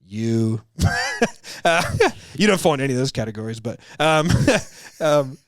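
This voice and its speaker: A business coach in his thirties, appearing as a podcast guest, tells stories in casual chat, swearing often, laughing through them, and acting out quotes with fillers like "like" and "bro." His mid-range voice is unhurried, recorded in a studio with no room sound.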